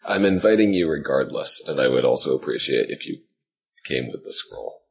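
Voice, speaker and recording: A man's voice: rumbling low, lively intonation, normal speed, gravelly. A man playing a tabletop game, speaking politely and a bit formally with hesitations. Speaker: player. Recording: dull lo-fi mic.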